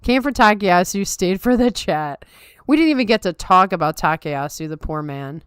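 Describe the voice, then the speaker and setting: A woman's voice: on the low side, animated, moderate pace, clean tone, no room sound, clean studio sound. A tired woman hosting a podcast, chatting casually and wryly with her viewers. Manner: wry, self-deprecating chatter. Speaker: podcast host. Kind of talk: casual chat with live chat.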